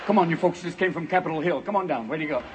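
A man's voice: fairly high pitch, very fast. A man doing a crude, brash stand-up comedy set, working the crowd on a live stage. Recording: noisy live room with crowd.

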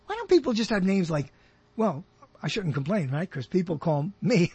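Older male radio host, high husky voice, rambling and jokey, dry close mic. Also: big pitch swings, normal speed, dark tone, no room sound. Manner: rambling, jokey, self-deprecating asides. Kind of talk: solo radio talk, rambling.

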